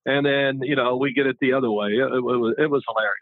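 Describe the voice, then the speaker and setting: Speaking fast with fairly even intonation, this former quarterback in his sixties chats his way through loose, wandering anecdotes as an interview guest, frequently restarting sentences. His voice sits mid-range, and the thin, phone-like recording is dry with no echo.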